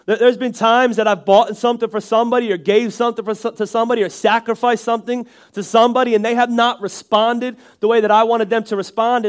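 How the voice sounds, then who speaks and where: High-voiced nasal Northeastern American preacher. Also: male voice. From Northeastern United States. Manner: conversational and joking, with frequent restarts and asides. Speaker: pastor. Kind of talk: sermon.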